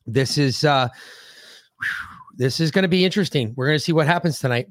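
Brief: male podcast co-host, higher-pitched voice, dry close sound, heated profane rants. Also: fairly quick, long pauses, no echo. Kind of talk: casual political podcast chat.

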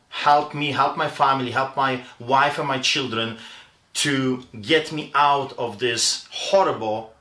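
A man's voice: mid-range voice, pushed and bright, reverberant. A man, a pastor, making an urgent, pleading recorded appeal for help.

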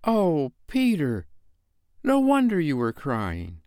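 A man's voice: on the high side, wildly swooping pitch, normal speed, no echo, studio quality, voice pushed up. A man reading a storybook aloud, voicing a polite, prim young girl who is a little patronizing and motherly. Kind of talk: storybook character voice.

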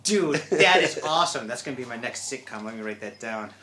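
A man's voice: mid-range voice, sharp tone. A man hosting a casual interview, cracking jokes and tossing in quips. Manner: jokey, throws in quips. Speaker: interviewer, host.

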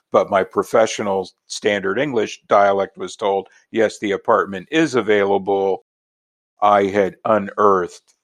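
A man from Los Angeles, a professor, answering interview questions in a measured, explanatory way. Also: on the low side, creaky. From Los Angeles, United States. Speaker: linguistics professor.

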